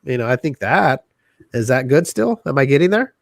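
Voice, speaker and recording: A man's voice: medium pitch, big pitch swings, moderate pace, vocal fry, no echo, studio quality. A man co-hosting a podcast, teasing his friends in crude, laughing banter. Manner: joking, teasing, loose and laughing. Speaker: podcast co-host.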